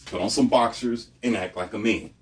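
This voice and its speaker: A man's voice: on the low side, moderate pace, recorded from a distance. A man delivering a blunt, preachy motivational monologue, emphatic and repetitive.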